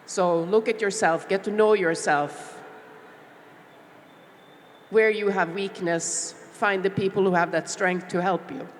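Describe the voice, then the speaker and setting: A middle-aged woman from Norway, speaking on a panel as a small business owner, heartfelt and reflective with many pauses and fillers. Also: mid-range voice, fairly even intonation. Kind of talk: panel discussion talk. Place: large expo hall stage. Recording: long hall reverb with faint background noise.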